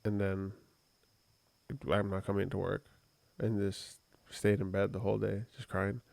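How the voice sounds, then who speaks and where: A man's voice: on the low side, completely flat delivery, measured pace, gravelly, a little mellow, no room sound. A man co-hosting a podcast, telling a personal story in a rambling, conversational way with many fillers. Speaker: podcast co-host. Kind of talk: casual podcast chat.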